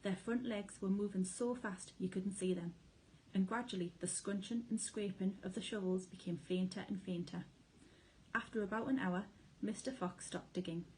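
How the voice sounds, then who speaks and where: A woman teacher reading a children's storybook aloud, with clear, expressive storytelling. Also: mid-range voice, normal speed, slight background noise, poor audio. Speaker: primary school teacher.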